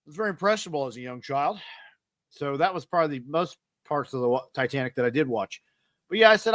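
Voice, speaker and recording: Male podcast host, 30s, bright and punchy tone, self-deprecating storyteller, dry close mic. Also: fairly high pitch, fast talker, no room sound. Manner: rambling, self-deprecating, animated retelling. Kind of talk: casual storytelling monologue.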